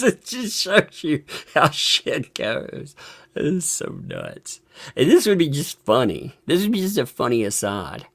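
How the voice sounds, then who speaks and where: A man riffing on a live stream, his voice swinging widely in pitch as he rants. He curses freely and is exasperated, often laughing in the middle of sentences. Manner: profane, exasperated ranting with frequent laughs. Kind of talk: live reaction commentary.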